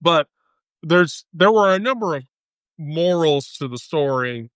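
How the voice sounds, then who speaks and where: A woman hosting a live stream, telling a story in casual chat, animated and profane, laughing often. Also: sits low, unhurried, dry recording.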